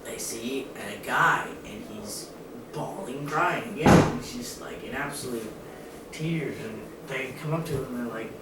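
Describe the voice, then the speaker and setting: A young person telling jokes casually, animated and laughing mid-story. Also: mid-range voice, measured pace. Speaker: channel co-host. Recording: echoey room from a distance, faint noise.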